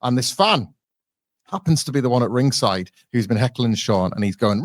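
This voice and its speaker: This man co-hosts a podcast and recaps events with lively, building energy. He laughs easily as he tells a story. The recording is dry and close, with almost no room sound. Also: medium pitch, normal speed, no echo. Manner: animated storytelling, laughing often. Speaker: podcast co-host. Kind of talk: casual podcast review chat.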